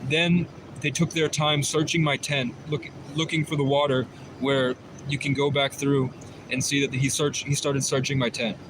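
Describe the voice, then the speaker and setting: A man's voice: medium pitch, level tone, normal speed, noisy background. Man rambling through a long livestream story. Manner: rambling, repetitive, many restarts. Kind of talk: livestream monologue.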